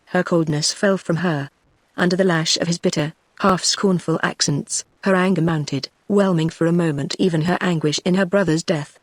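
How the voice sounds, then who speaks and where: A text-to-speech voice with a woman's sound and a British English accent, giving scripted narration of a novel in an even, machine-made reading. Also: on the low side, moderate pace, no echo.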